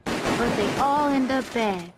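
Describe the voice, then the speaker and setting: A woman voicing the deadpan narrator of an animated clip, played back with noise. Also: a little high, slow pace, over loud music. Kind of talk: deadpan documentary-style narration.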